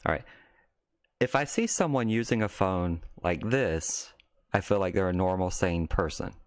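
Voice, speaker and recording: A deep-voiced man talks casually on a live stream. He rambles, stops mid-sentence and starts over, then breaks into loud mocking rants. The sound is dry, with almost no room in it. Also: animated, moderate pace, dry recording.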